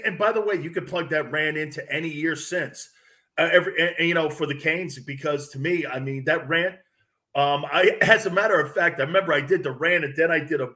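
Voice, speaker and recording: A man talking sports as a radio host guest, telling stories animatedly and acting out what others said. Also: on the high side. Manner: animated, acts out quotes from others. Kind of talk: casual sports talk storytelling.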